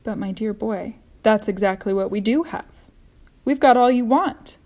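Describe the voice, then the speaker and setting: A woman's voice: a little high, normal speed, a little mellow, close to an everyday voice. A woman reading aloud, voicing an old male grasshopper who speaks eagerly and emphatically in a storybook. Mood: brisk.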